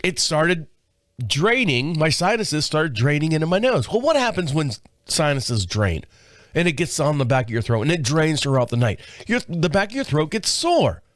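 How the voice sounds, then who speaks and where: A man's voice: fairly high pitch, sing-song, moderate pace, dry recording, clean studio sound. A man in his fifties hosting a show, telling rambling, profane stories while sick with a cold and a sore throat. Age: 50s. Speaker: podcast host. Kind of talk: casual chat monologue.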